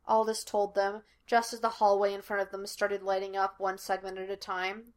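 A woman's voice: mid-range voice, completely flat delivery, normal speed, few pauses. A woman reading a fan fiction story aloud as a podfic, giving the characters light changes of voice. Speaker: podfic reader. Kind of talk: fan fiction audiobook narration.

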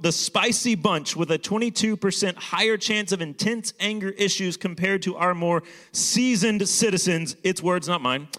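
A man's voice: on the high side, a bit bright. A young man preaching a sermon as pastor, in a casual storytelling manner with many fillers.

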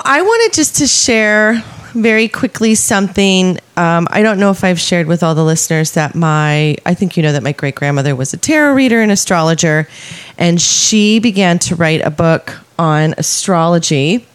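A woman co-hosting a casual podcast, speaking in a gushing, affectionate way and sometimes reading passages aloud slowly. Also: lowish voice, expressive, clean tone. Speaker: podcast co-host. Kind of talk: casual chat.

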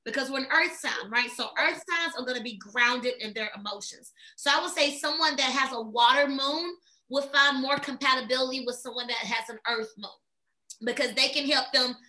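A woman chatting casually about astrology in an animated, filler-heavy way. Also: high-pitched, moderate pace. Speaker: astrology guest. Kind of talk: casual chat.

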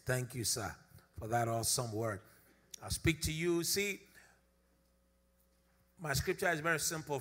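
A man's voice: mid-range voice, a bit bright. A man preaching a sermon to a congregation. He leads a prayer, repeats key phrases for emphasis and calls on the listeners to answer back. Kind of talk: sermon with prayer and call-and-response. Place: church service.

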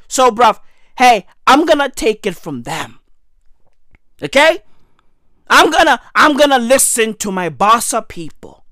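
A woman's voice: a little high, measured pace, dry recording, studio quality. A woman doing a rambling, profane comic monologue, constantly calling the listener "bruv". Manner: animated, rambling, profane, keeps saying "bruv". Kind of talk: comedic monologue.

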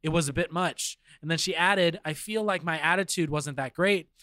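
Man, podcast co-host, bright forceful voice, slightly high pitch, reflective, reads notes with fillers, dry close sound. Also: normal speed, dry recording. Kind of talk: casual chat reading news.

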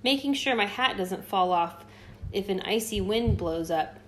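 A woman's voice: mid-range voice, animated, measured pace, fairly bright tone, slight background noise. A woman voicing a proud, touchy little male hedgehog in a storybook, speaking insistently. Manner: indignant, insistent.

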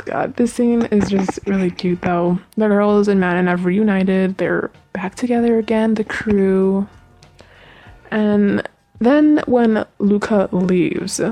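A woman's voice: medium pitch, a little mellow. A young woman hosting a podcast in casual chat, rambling and gushing with lots of fillers, on a home mic. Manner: chatty and rambling, with many fillers and gushing asides. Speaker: podcast host recapping a TV series.

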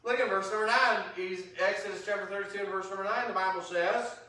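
Guy preaching a bible lesson, high bright voice, super echoey hall, mic kinda far. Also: fast. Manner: animated, acts out God's angry voice, rising to shouts. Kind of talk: interactive Bible teaching sermon. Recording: roomy echo, voice from a distance.

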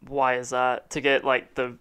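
A man's voice: medium pitch, monotone, normal speed, a bit bright, clear, resonant tone. A young man co-hosting a casual podcast, teasing his friend with dry comebacks. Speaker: podcast co-host.

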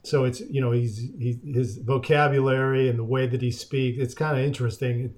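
A man's voice: medium pitch, brisk, darkish tone. A man hosting a podcast in casual chat, rambling and chatty. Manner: rambling, chatty, many fillers. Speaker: podcast host.

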